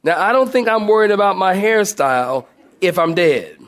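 A male pastor preaching a sermon, telling a personal story, often laughing and acting out a shouting sergeant. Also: high voice, moderate pace. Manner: animated, acts out shouting and laughs mid-story.

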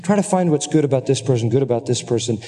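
A middle-aged man preaching a sermon, earnest and emphatic, at times climbing into high, excited exclamations. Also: fast talker. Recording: long hall reverb.

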